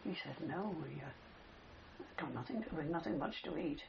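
A man's voice: fairly high pitch, animated, a little slow, vocal fry. An older man telling a long wartime story in an interview, rambling and tagging his sentences with "you see". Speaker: interviewee, war veteran. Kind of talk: oral history reminiscence. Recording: dull older recording with faint hiss.

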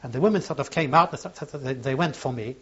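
An older man recounting a memory in an oral history interview, halting and searching for words, on a dull lo-fi recording. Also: medium pitch, breathy edge.

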